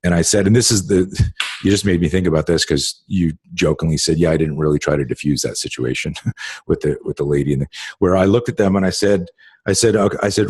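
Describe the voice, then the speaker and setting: A middle-aged man with a very low, husky voice hosts a casual talk, telling long stories full of fillers and blunt swearing. He is recorded close and dry. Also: brisk, a little mellow, dry recording. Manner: rambling storyteller with many fillers and swearing. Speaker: podcast host. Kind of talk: casual conversation.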